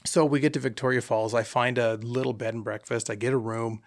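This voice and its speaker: Guy with a gravelly voice spinning a hunting trip story, dry close sound. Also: medium pitch, fairly quick, no room sound. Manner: animated anecdote with quoted dialogue. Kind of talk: casual storytelling.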